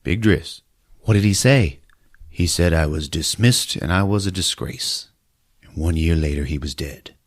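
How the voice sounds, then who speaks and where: A man hosting a comedy podcast, recapping a film in an animated way and slipping into character voices. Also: measured pace. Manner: animated storytelling, jumps into squeaky put-on voices for characters. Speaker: podcast host recapping a movie. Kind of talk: comic movie recap.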